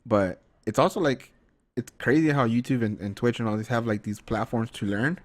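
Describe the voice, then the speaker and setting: A young man hosting a podcast, chatting casually in a rambling, profane, animated way. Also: medium pitch, moderate pace. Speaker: podcast host. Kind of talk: casual chat.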